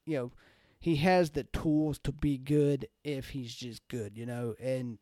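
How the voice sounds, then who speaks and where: A young man talks loosely in a casual chat, piling on fillers and swearing. His voice has a mellow, relaxed tone, and the sound is dry and close. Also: medium pitch, takes it slowly, dry recording. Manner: rambling, heavy with fillers and swearing.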